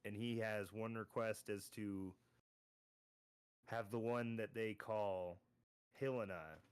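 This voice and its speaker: Dm doing a scheming dragon guy, slow and mocking, lowish clean voice. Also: fairly even intonation, clear, resonant tone, no echo. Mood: smug, menacing. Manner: slow, deliberate, turns sing-songy when taunting. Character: smug scheming male dragon, menacing and mocking.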